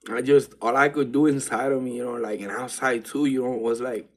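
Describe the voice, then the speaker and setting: A man with a husky, breathy voice talks straight to camera in an easy, rambling vlog. He tells his story in loose street slang, slipping into hushed asides and then building into excited retellings. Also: medium pitch, a little fast. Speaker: vlogger. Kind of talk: casual spiritual storytelling monologue.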